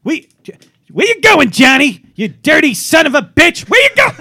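A man voicing an impatient, angry old Italian grandfather who shouts and curses at other drivers. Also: very high voice, big pitch swings, normal speed, gravelly, no room sound, voice pushed up, exaggerated voice. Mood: furious shouting.

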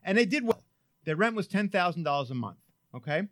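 A man hosting a casual talk radio show, an animated, swearing, rambling storyteller on a close studio mic. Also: sits high, fairly quick, dry recording.

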